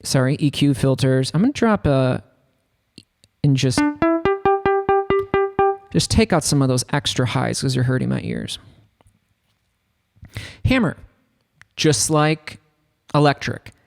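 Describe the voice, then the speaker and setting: A man giving a casual, rambling tutorial on a software synth, talking loosely with lots of filler words. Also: medium pitch, slow, gravelly, pauses often, over loud music. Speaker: music production tutor. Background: faint synth keyboard notes.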